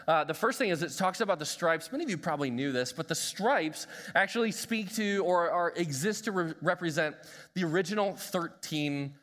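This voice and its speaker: A man in his thirties, a pastor giving a live sermon in a church with energetic, humorous storytelling. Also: on the high side, normal speed. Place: church sanctuary. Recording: reverberant church hall.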